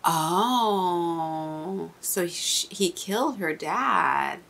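A woman's voice: fairly low pitch, lively intonation, very slow, gravelly, a bit bright, a little hiss or hum. A young woman hosting an anime reaction video, chatting casually and getting emotional, laughing often.

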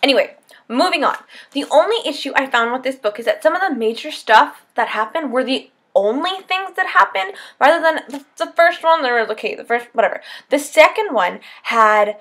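High-voiced young woman gushing about a book. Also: animated, a little fast, a bit bright. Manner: gushing, breathless, swings into squeals and near-tears. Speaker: book vlogger. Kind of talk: excited spoiler-filled book talk. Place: at home, lit by setting sun.

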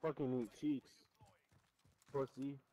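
Brief: male teammate, quick clipped callouts, distant voice chat with audible noise. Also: medium pitch, level tone, mellow.

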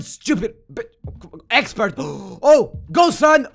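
Excitable high-voiced gamer man. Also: a little slow, creaky. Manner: loud, shouty, swears a lot, jokey. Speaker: gaming YouTuber. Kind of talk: excitable gameplay commentary.

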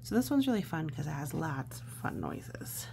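A woman reading a children's picture book aloud slowly and playfully, chatting about the pictures and acting out the silly noises. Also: low voice, sing-song, creaky, slight background noise. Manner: slow, gentle, playful, acts out noises.

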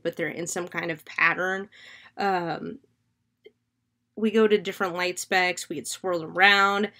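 A woman podcast host casually recapping a horror film, chatty and animated, with lots of filler words and free swearing. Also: medium pitch.

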